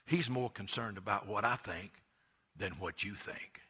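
Fervent preacher, husky forceful man. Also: on the low side, measured pace. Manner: impassioned storytelling preacher, swings from hushed to emphatic. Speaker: pastor. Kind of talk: sermon.

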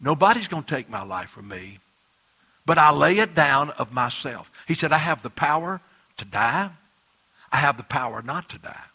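A man preaching a sermon as pastor, swinging between loud emphatic lines and quiet, hushed ones. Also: a little high, lively intonation, normal speed, husky.

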